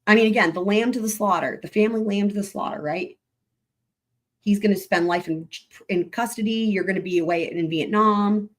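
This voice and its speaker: A woman's voice: medium pitch, fairly quick. A woman hosting a true-crime livestream, her voice still recovering from losing it, talking bluntly and emphatically and swearing freely. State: voice still recovering after a week without it. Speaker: host.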